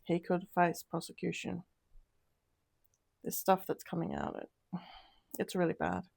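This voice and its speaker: A woman's voice: lowish voice, level tone, measured pace, creaky, darkish tone, slightly rough. A woman doing a casual tarot reading, talking in an upset, emotional way with sighs and trailing sentences. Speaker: tarot reader.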